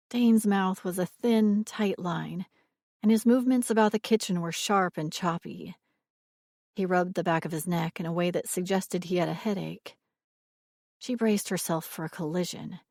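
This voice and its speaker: Kadın anlatıcı, sesli kitap, ölçülü ve ifadeli okuma, kuru kayıt. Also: female voice, fairly low pitch, a little slow, gravelly, darkish tone, no room sound, clean studio sound. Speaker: audiobook narrator. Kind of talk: scripted romance narration.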